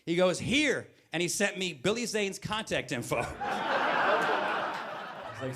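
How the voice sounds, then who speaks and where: A man in his forties tells stand-up stories on a brewery stage, his voice sitting notably high. He acts out both sides of every conversation, jumping between voices mid-story. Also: very animated, unhurried, pauses often, heavy background noise. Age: 40s. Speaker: stand-up comedian. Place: brewery stage before a live audience.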